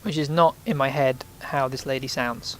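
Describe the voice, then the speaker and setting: A man's voice: medium pitch, fairly even intonation, moderate pace, a bit bright, a little hiss or hum, poor audio. A man giving casual let's play commentary, chatty and reacting aloud with sudden exclamations as he plays.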